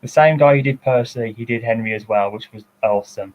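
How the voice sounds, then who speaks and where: A man's voice: mid-range voice, brisk. A man gives casual director's commentary on a reaction video. He is chatty and fumbles for words, and his voice comes through dull and lo-fi. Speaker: guest giving director's commentary.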